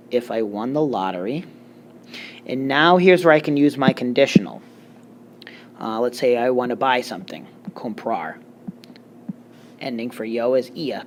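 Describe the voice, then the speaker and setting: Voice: medium pitch, expressive, normal speed, slight background noise. A Spanish teacher giving a recorded grammar lecture, explaining step by step with joking asides.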